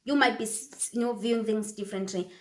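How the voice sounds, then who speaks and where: A woman's voice: fairly high pitch, steady tone, fast, echoey room, slight background noise. A woman from Kenya, talking casually to camera as a vlogger and repeating phrases for emphasis.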